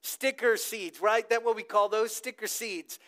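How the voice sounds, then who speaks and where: Pastor, male, high-pitched, lively sermon storyteller who gets the crowd to echo him. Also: a little slow. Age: adult with a child old enough to talk. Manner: animated storytelling, asks the congregation to repeat words.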